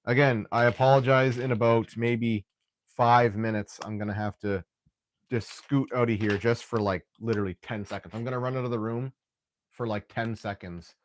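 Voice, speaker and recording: A young man of ordinary pitch talks loosely through a live build. He rambles and restarts his sentences, and he keeps clearing his throat. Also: steady tone, normal speed. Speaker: live stream host building Lego. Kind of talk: casual live stream chat.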